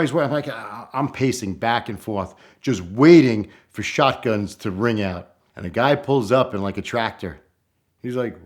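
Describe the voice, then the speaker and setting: Middle-aged man from New York, lowish voice, casual storytelling, animated quoting. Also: unhurried. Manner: animated, acts out quoted voices with rising pitch. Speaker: storyteller guest.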